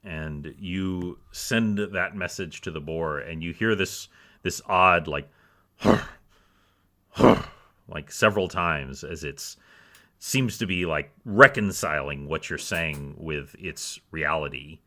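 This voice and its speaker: A man narrating a tabletop role-playing game as game master, telling the scene with casual fillers. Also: rumbling low. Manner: slow, lively storyteller with fillers.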